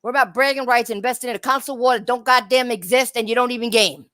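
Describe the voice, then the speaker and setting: Sharp-tongued ranting woman, high voice. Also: fast, no echo. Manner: mocking, scornful, rhetorical questions. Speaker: channel host. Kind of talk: heated ranting commentary.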